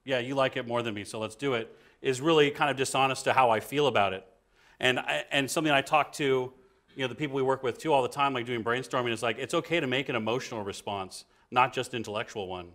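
A young man with a mid-pitched voice talks through how he works with a creative partner. He is animated and slips into short acted-out quotes to make his points. His tone is casual, like he is explaining it to a room. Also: fast talker. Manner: animated, acts out little quoted scenes. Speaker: creative professional.

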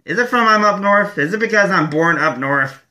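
Man, from Michigan, vlog host, profane rant, forceful tense voice, slightly high. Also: animated, moderate pace. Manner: profane, angry ranting. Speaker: show host. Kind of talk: ranting vlog monologue.

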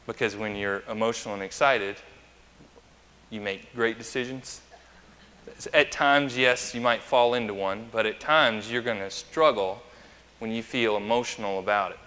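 A male pastor gives a chatty, anecdotal sermon and puts questions to his congregation. His voice is fairly low yet crisp and forceful. It rings out with a long reverb in a church sanctuary. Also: fairly even intonation, moderate pace. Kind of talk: conversational sermon.

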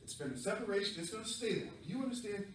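A man's voice: sits high, expressive, racing, recorded from a distance, pitched above the performer's own voice. A man voicing a stern, protective mother dog who scolds her puppy, in an echoey room. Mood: scolding. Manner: scolding, firm.

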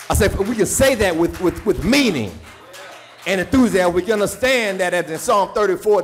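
A man with a Southern US accent preaching a sermon, moving from quiet storytelling to shouted, sung preaching. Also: sits high, animated, moderate pace. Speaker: pastor. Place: church sanctuary. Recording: live church stream with organ and congregation.

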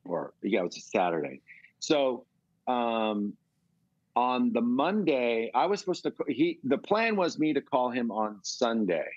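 A man's voice: mid-range voice, big pitch swings, a little slow, breathy edge, dry recording, lo-fi sound. Rambling, swearing storyteller man. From California. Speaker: guest musician. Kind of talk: casual storytelling interview.

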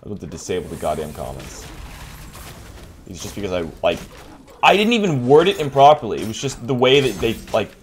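A young man talks over his gameplay in an exasperated, ranting way, swearing freely. His voice sits on the lower side but leaps up and down with lively pitch. A faint hiss runs beneath the desk-mic recording. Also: fairly quick. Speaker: gaming streamer. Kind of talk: gameplay commentary.

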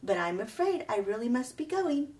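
A calm, courteous robot who speaks in careful, formal phrases, as a woman reading aloud gives her a voice. Her pitch moves in a lively way, and she sounds a little distant from the microphone. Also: moderate pace. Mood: polite. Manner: formal, friendly. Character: polite calm female robot.

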